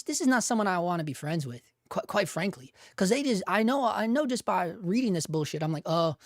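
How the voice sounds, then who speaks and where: A man's voice: high-pitched, no echo, studio quality. A young man hosting a casual livestream, swearing freely and ranting hard, often repeating himself and chuckling as he reads viewer comments. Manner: profane, fired-up ranting with lots of repeated words. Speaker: host.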